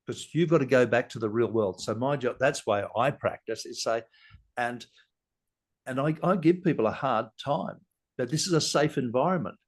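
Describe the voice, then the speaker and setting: A man, a communication trainer and podcast guest, who tells stories in an animated way, laughs often and acts out scenes. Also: medium pitch. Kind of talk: casual interview talk.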